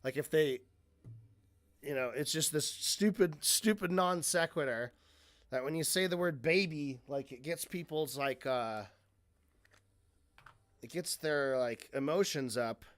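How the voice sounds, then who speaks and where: Slow-talking man rambling on stream. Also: a little high, a bit bright, no room sound. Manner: rambling, self-interrupting, swears freely. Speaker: streamer reacting to a video. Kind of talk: casual reaction commentary.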